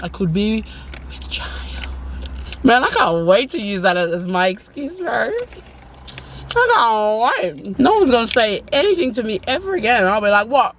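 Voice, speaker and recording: A woman's voice: a little high, animated, normal speed, slight background noise. Giggly Australian woman vlogging from a car. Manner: giggly, playful teasing. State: sick with a cough. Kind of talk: casual vlog chat. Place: in a parked car.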